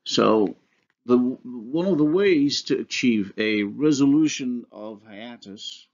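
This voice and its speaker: Slow gravelly male phonology lecturer. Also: mid-range voice, expressive, a little mellow. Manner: slow, methodical explaining with pauses and restarts. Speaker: university linguistics lecturer. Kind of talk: recorded university lecture. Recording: dull lo-fi lecture recording.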